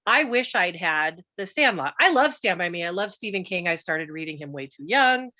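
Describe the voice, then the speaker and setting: A woman's voice: lowish voice, lively intonation, moderate pace, bright, forceful tone, muffled recording. A middle-aged woman, a guest panelist on a film review show, chatting casually in a rambling, storytelling way. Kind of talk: casual chat.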